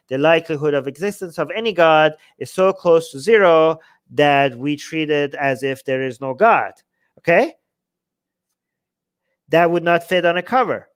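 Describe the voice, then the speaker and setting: A man hosting a livestream, talking in a casual, animated, rambling way, swearing freely and firing off rhetorical questions. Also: fairly high pitch, smooth. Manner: heavy use of rhetorical questions. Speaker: livestream host.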